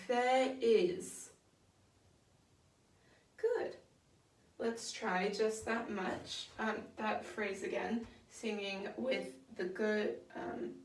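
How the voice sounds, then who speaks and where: A young woman leading a women's choir rehearsal, patient and encouraging, with many fillers as she explains singing technique. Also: on the high side. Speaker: choir director. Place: rehearsal room. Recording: echoey room, voice from far off.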